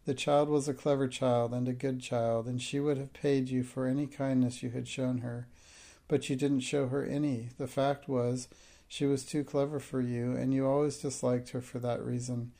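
A man's voice: medium pitch, flat delivery, moderate pace, dark tone, close to an everyday voice. A man reading the part of a timid middle-aged schoolmistress, her lines turning tearful and hysterical. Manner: pleading, breaking into hysterical outbursts.

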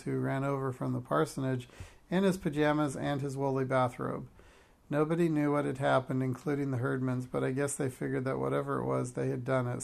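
Gravelly man reading a story aloud. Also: mid-range voice. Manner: wry, amused storytelling.

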